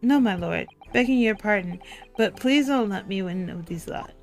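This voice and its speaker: A woman's voice: mid-range voice, animated, normal speed, gravelly, soft background music. A woman voicing a formal, deferential male police inspector in a game courtroom.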